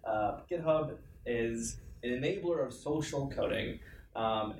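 A man co-hosting a casual tech chat, explaining things in a relaxed way. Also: medium pitch. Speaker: co-host. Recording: roomy, distant mic, faint background hum.

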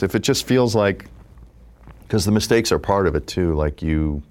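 A man's voice: deep voice, moderate pace. A man in his fifties, an improv comedian, talking casually in an interview with lots of "like" fillers. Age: 50s. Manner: relaxed, rambling with many "like" fillers.

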